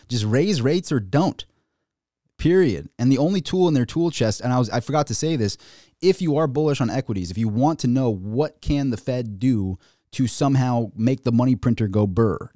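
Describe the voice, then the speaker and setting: A man hosting a casual livestream and ranting about the markets, excitable and rambling, with many restarts. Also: mid-range voice, no echo, clean studio sound. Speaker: finance YouTuber.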